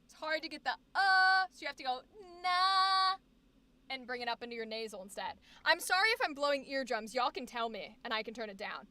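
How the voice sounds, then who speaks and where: Woman streamer, high voice, casual livestream chat, demos vowel sounds while explaining singing. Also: animated, fast, few pauses, sharp tone. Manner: many fillers and restarts, reads chat aloud.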